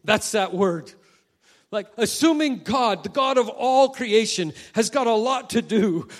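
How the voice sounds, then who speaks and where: Slow-speaking male preacher, higher voice. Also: expressive. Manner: dramatic swings from soft asides to loud emphatic quoting. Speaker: pastor. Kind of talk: sermon.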